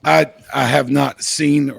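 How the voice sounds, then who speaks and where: A man from Louisiana appears as a comedian guest, answering in a low-key, hesitant way. His voice is gravelly and a little husky, and it sits dry and close on the mic. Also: level tone, slow, no echo. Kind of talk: casual podcast chat.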